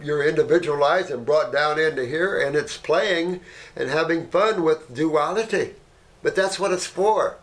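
A man who runs an herbal clinic, talking casually and rambling through anecdotes, often tagging "you know" and "right?", and growing animated as he tells them. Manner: animated, jumps up in pitch when telling stories.

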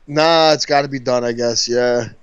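Speaking at a normal speed in a steady, clear, resonant mid-range voice, a man co-hosting a podcast rambles through stories, cursing and laughing casually. No echo is heard, and the lo-fi recording sounds dry and dull.

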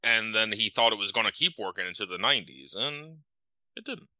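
Low, bright-toned man, full of likes. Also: animated, brisk, dry recording, low-quality recording. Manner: filler-heavy, profane, laughs often. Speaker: podcast co-host. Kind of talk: casual chat.

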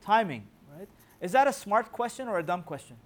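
Higher-voiced man teaching scripture. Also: very animated. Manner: quizzes listeners with rhetorical questions; recites scripture in rapid chanting. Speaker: religious teacher. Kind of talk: Quran commentary class.

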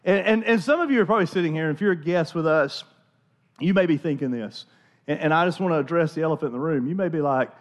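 Chatty male pastor with a slightly high voice. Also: animated, quick pace. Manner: conversational, with many restarts and repeated words. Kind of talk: sermon. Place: church.

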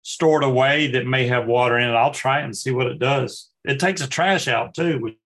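A man's voice: mid-range voice, moderate pace, a bit bright. A man, explaining gear in a casual podcast chat and laughing easily.

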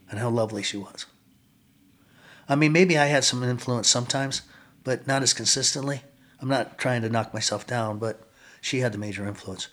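An older man, a podcast guest, telling his personal recovery story in an earnest, reflective way with frequent pauses. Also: medium pitch, fairly bright tone.

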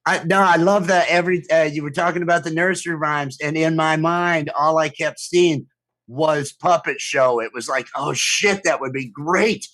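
Male co-host, casual, hesitant, fairly high voice, dry recording. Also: moderate pace, fairly bright tone, no room sound. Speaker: podcast co-host. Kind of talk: casual chat.

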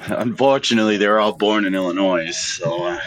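A man's voice: lowish voice, brisk, crowd noise, low-quality recording. A man with a Boston accent, laid-back and jokey in casual podcast banter. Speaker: podcast co-host and wrestler.

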